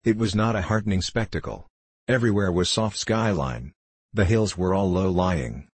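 Deep husky male narrator. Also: moderate pace, no room sound. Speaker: audiobook narrator. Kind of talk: scripted narration.

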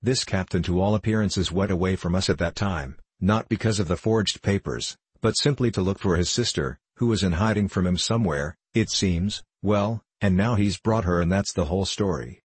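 Brief: man doing a sly, sneering gossip in an audiobook; deep, husky voice. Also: moderate pace, hardly any pauses, dry recording.

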